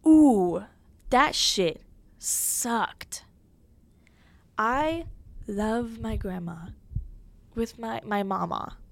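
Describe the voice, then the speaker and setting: A woman's voice: mid-range voice, vocal fry, fairly bright tone, no room sound. A young woman hosting a podcast, talking candidly and emotionally in a casual chat full of fillers. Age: young adult. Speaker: podcast host.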